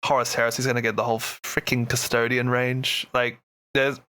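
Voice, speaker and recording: A man co-hosting a casual hobby podcast, excitable and jokey, swearing casually. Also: medium pitch, fairly quick. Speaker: podcast co-host.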